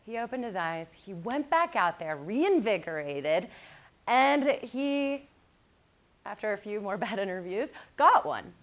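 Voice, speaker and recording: A woman giving a motivational keynote to college students, mixing lively storytelling with calm guided meditation passages. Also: medium pitch, unhurried. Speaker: motivational speaker.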